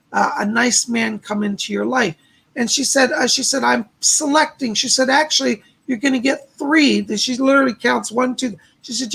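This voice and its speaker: A man's voice: extremely high pitch, creaky, fairly bright tone, slightly rough, poor audio. A man hosting a live stream as a psychic medium, relaying spirit messages with constant repeated "he said" and "she said" and thanking viewers by name.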